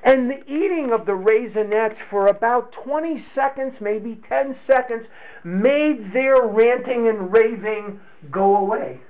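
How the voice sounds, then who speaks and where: A man sharing a candid personal story of recovery, slow and reflective, often repeating his words. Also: extremely high pitch. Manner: candid and confessional. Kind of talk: personal testimony to a group. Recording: tinny phone-like recording.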